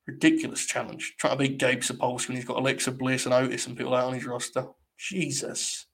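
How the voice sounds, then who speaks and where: A man's voice: medium pitch, little pitch movement, fast talker, vocal fry, hardly any pauses. A young man hosting a live watch-along stream, talking in a mock-grandiose, rambling way full of swearing.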